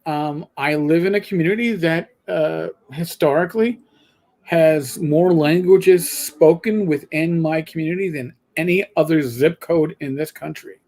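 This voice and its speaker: Older new guy, kinda high voice, rambles and jumps around telling stories. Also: unhurried. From New York. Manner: rambling, animated storytelling with restarts. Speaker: co-host. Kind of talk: casual chat.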